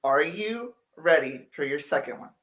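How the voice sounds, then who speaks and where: A man's voice: fairly high pitch, expressive, normal speed, fairly bright tone. A man co-hosting a podcast, playfully building up a surprise like an announcer. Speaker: podcast co-host. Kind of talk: casual chat.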